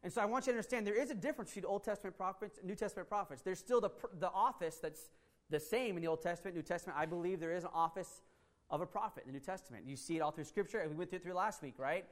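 A man with a notably high voice preaches a teaching sermon. He is earnest and emphatic, and he often restarts his sentences and adds fillers as he explains scripture. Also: rapid-fire. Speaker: pastor.

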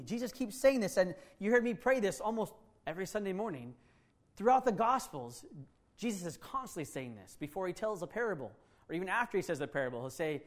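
High-voiced, animated male pastor preaching. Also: brisk. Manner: conversational, animated, self-deprecating asides. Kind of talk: sermon.

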